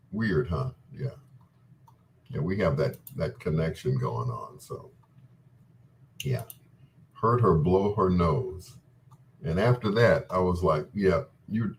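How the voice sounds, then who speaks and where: A middle-aged man hosting a late-night love-song radio show, smooth and joking as he chats between songs. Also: low voice, slight background noise. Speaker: radio DJ and host.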